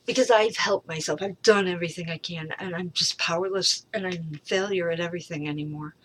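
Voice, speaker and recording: A middle-aged woman in a rambling personal monologue, frustrated, halting, swearing freely and trailing off. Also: lowish voice, a bit bright. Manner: halting, with many pauses and fillers. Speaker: vlogger.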